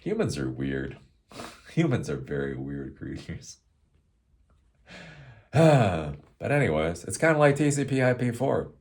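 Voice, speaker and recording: Deep-voiced man rambling animatedly. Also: sing-song, measured pace, pauses often, darkish tone. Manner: rambling, laughs often. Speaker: show host. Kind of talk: casual rambling monologue.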